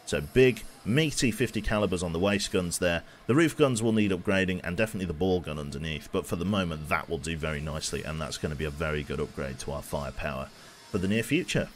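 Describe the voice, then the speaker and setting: A man in his twenties from England, with a faint Birmingham accent, plays a game on a live stream while giving chatty, self-mocking commentary. His low voice moves at a quick pace over slight background noise.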